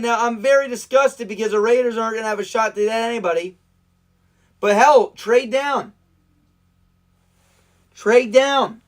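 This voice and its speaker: A man giving live reaction commentary, excitable and emotional, often repeating himself as he talks to viewers. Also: high-pitched, a little slow.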